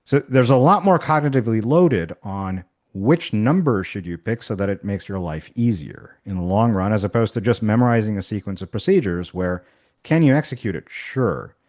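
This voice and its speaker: A man with a lowish voice shows colleagues how a math activity works. He talks casually and thinks aloud, with fillers and restarts. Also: lively intonation, normal speed, darkish tone. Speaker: math instructor. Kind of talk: workshop software demonstration.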